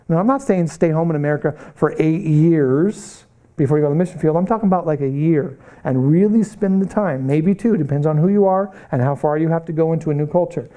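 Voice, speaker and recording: Speaking a little fast, a middle-aged man gives an earnest, lively missions lecture at a Bible college, frequently turning to ask the class questions. His voice, slightly high, is rich with mellow warmth.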